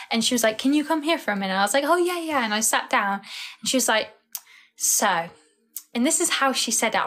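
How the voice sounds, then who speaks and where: A woman's voice: fairly high pitch, fairly bright tone. Tired, chatty young woman. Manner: rambling, chatty, frequent "like" fillers. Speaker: livestreamer. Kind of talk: casual live-stream chat.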